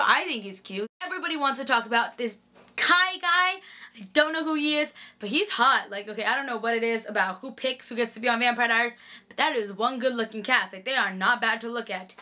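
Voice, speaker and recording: A woman's voice: fairly high pitch, sharp tone. A young woman chatting casually through a TV episode recap, gushing and full of "like". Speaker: TV recap vlogger.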